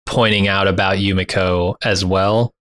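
A man co-hosting a TV recap podcast casually runs through plot points in a plain, blunt manner. His voice sits low and is steady, a little slow, smooth, and fairly bright.

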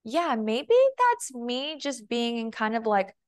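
Talking slowly with lively intonation in a highish voice, this podcast guest, a femininity and body language coach, keeps saying "like" and acts out lines from herself and her partner in a chatty way.

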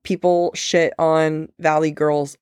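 A woman co-hosting a podcast, talking casually about a book, animated and laughing often. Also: sits low, takes it slowly, clear, resonant tone, no echo, studio quality. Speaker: podcast co-host. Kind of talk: casual book-discussion chat.

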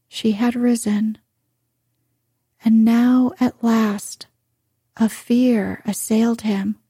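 A woman reading a bedtime story aloud in a soft, hushed, drawn-out delivery. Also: a little high, fairly even intonation, slightly rough, no room sound, clean studio sound.

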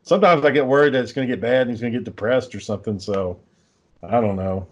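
A man's voice: mid-range voice, fast talker, lo-fi sound. A man hosting a podcast, telling a long story in casual chat, swearing often and sounding exasperated. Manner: profane, exasperated, lively storyteller. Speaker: podcast host.

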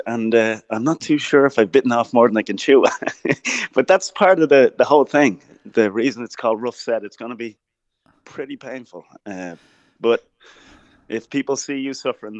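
A man's voice: mid-range voice, no echo. A man from Ireland speaks as a podcast guest with a mid-range voice. His manner is easygoing and candid. The sound is dry and close. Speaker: podcast guest, stand-up comedian. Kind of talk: casual interview chat.

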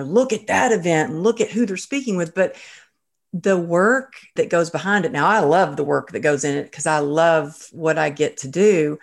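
A woman hosting an interview, telling lively stories and acting out the people she quotes. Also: lowish voice. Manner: lively anecdotal storyteller, acts out quoted voices. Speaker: podcast host. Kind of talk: casual storytelling in an interview.

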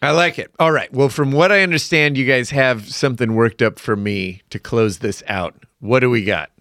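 A man's voice: medium pitch, normal speed, a bit bright, dry recording, studio quality. A man hosting a casual podcast chat, joking and exclaiming as he tries to say hard names. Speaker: podcast host.

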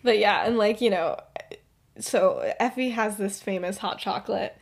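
A woman's voice: medium pitch, moderate pace, gravelly. A woman co-hosting a podcast, retelling a story in a rambling, casual way full of fillers. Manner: rambling, filler-heavy, often laughing. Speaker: podcast co-host.

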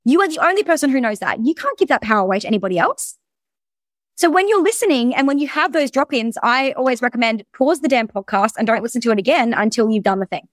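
A woman coaching in a presentation, talking at a quick clip in a high voice. She is blunt and energetic and swears freely. The sound is dry and close. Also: dry recording. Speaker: business coach. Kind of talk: recorded presentation.

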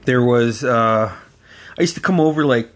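A man from Alaska telling stories on his podcast in an easy, meandering way. He laughs often, curses casually and circles back on himself, his voice sitting at an ordinary middle pitch. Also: moderate pace. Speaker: podcast host. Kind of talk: casual personal storytelling.

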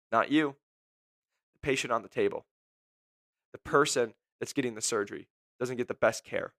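A man's voice: mid-range voice, fairly bright tone. A man with a mid-range voice gives blunt, emphatic career advice as a podcast host. He keeps asking rhetorical questions. The sound is dry and close, with no room echo. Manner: emphatic, repeats "guess what", mimics whiny voices. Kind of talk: blunt motivational talk.

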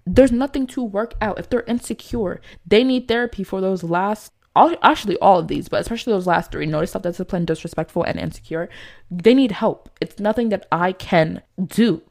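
A young woman talking casually to camera, reading from her notes and giving blunt dating advice with emphatic outbursts and lots of fillers. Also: moderate pace. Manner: emphatic, animated, swings from low asides to loud outbursts; chatty, many fillers and restarts.

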